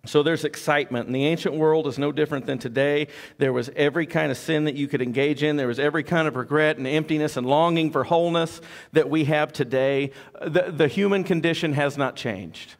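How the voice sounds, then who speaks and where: Gravelly-voiced male pastor preaching. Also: on the high side, fairly quick, few pauses. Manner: conversational, storytelling with joking asides. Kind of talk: sermon.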